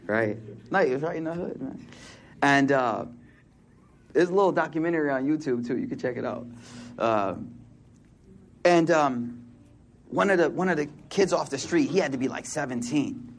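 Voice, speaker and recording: A man's voice: on the high side, expressive, normal speed, long pauses, slight background noise. A man in his forties preaching a sermon in casual street slang, telling stories and acting out the people in them. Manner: casual street slang, storytelling with quoted voices.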